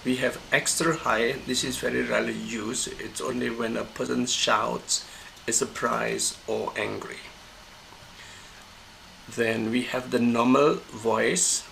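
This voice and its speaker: A man, a university lecturer, giving a recorded pronunciation lesson, explaining slowly and methodically, repeating examples and correcting himself. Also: mid-range voice, creaky, a bit bright, a little hiss or hum, rough recording.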